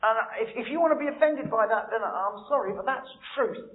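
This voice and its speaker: A man preaching a sermon, blunt and emphatic, swinging between quiet and loud. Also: very high-pitched, a little fast. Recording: echoey room over a tinny, phone-like line.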